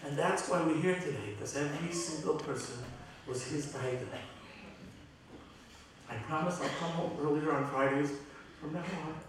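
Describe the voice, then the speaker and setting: Middle-aged rabbi, echoing from far. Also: male voice, a little high, background noise. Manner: heartfelt, halting, with many restarts. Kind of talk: eulogy at a memorial gathering. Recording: very echoey hall from far off.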